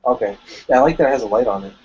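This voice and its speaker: A man's voice: mid-range voice, racing, darkish tone. A man chatting casually on a live stream, asking curious questions about tools. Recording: dull lo-fi audio with faint noise.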